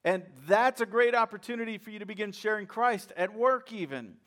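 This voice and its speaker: A man preaching a sermon in a lively, conversational way, acting out little asides as he goes. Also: high voice, a little fast. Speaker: chaplain and preacher.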